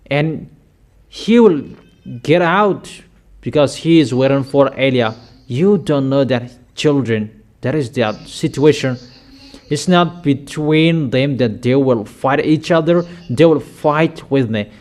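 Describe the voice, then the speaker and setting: A man preaching a sermon with slow, emphatic declarations, often repeating his lines for weight. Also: mid-range voice, darkish tone.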